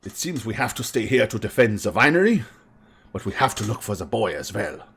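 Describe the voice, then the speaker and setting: Stern father, commanding, quick to anger, low voice, done by a man. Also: big pitch swings, creaky, a bit bright, slightly rough, heavily acted. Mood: worried. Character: protective, hot-tempered middle-aged father.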